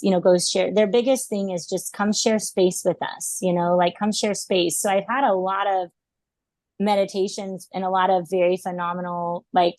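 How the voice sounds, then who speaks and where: A woman's voice: medium pitch, a little mellow, no echo. A woman in her thirties, a podcast guest, telling personal stories in an earnest, reflective way, with lots of "um" and "like" fillers. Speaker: podcast guest, animal intuitive. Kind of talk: casual storytelling interview.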